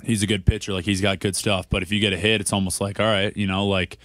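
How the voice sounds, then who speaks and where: A man's voice: on the low side, fast, dry recording, clean studio sound. A young man, a baseball player guest, talking casually with lots of fillers. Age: young adult. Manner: relaxed, filler-heavy. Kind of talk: casual interview chat.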